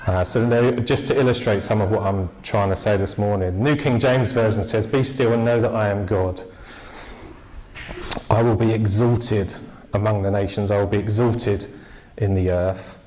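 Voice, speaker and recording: A man's voice: on the low side, fairly even intonation, normal speed, darkish tone, a little hiss or hum, low-quality recording. A man preaching an informal, jokey church sermon, chatting with the congregation and asking them questions.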